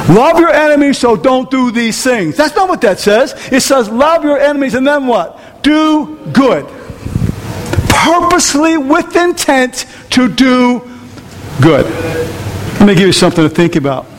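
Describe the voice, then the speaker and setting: High-pitched emphatic male pastor preaching. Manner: emphatic preacher, questions to the congregation. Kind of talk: sermon. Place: church hall. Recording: reverberant hall with faint noise.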